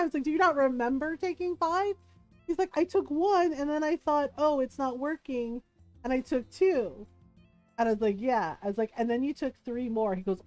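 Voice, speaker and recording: A woman's voice: high-pitched, normal speed, a little mellow, dry recording, soft background music. A woman livestreaming a game, casually telling a story to her chat, giggling often and acting out the voices of the people she quotes. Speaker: livestream gamer.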